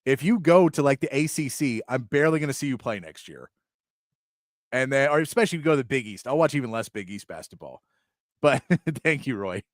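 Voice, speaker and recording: A man's voice: medium pitch, expressive, brisk, no room sound, studio quality. Chatty male sports talk host. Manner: chatty, laughs often, rambling asides.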